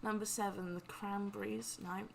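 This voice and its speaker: A woman's voice: medium pitch, level tone, moderate pace, vocal fry, a little hiss or hum. A woman co-hosting a casual quiz night, reading answers and firing back dry, sarcastic remarks. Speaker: quiz co-host. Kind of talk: casual chat.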